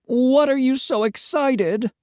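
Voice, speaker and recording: A woman's voice: sits high, slow, a little mellow, no echo, clean studio sound, voice pushed up. Woman doing a complaining coffee-loving reporter. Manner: complaining, blustery. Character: grumpy male reporter who loves coffee. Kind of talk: children's storybook read-aloud.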